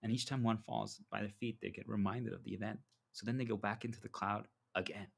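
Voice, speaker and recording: A man's voice: on the low side, a little fast, creaky, husky. A man delivering a preachy motivational monologue as a self-styled spiritual guide, telling stories and acting out dialogue. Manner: preachy, animated storytelling with acted dialogue.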